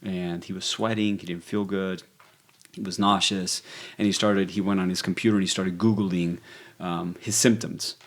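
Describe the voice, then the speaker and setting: A man talking as a podcast guest, telling a story in a relaxed, conversational way with frequent fillers and restarts. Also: sits low, moderate pace. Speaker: podcast guest, exercise physiologist.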